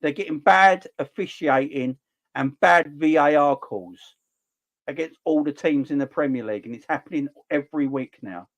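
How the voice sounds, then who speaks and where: A man in his forties with a South East London accent, hosting a football livestream and ranting passionately between relaxed chat with viewers. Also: fairly high pitch, normal speed. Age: 40s. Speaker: football channel livestream host.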